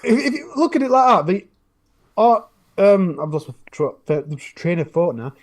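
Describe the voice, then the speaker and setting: A northern English man talks in a loose, casual podcast chat. His voice sits a bit high for a man. He tells long stories with frequent false starts and restarts. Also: sing-song, normal speed. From northern England. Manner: rambling storytelling with frequent restarts. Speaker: true crime YouTuber, podcast regular.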